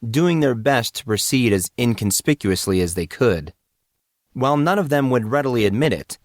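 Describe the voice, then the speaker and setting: A man narrating an audiobook in a steady, measured reading voice. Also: mid-range voice, no room sound, clean studio sound.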